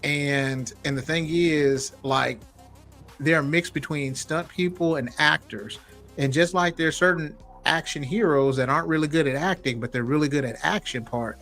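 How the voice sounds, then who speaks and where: A man on a podcast, talking casually about wrestling with friends. His voice sits a bit high, and he gets loud and emphatic when he makes a point. Faint music plays underneath. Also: moderate pace. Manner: animated, emphatic and laughing. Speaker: podcast co-host. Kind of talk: casual chat.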